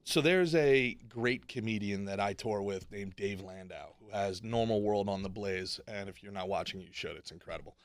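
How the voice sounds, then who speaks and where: A man's voice: on the low side, moderate pace, hardly any pauses, dry recording. Joking man hosting a podcast, dry sound. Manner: teasing, joking, animated. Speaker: podcast host and comedian. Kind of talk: casual podcast chat.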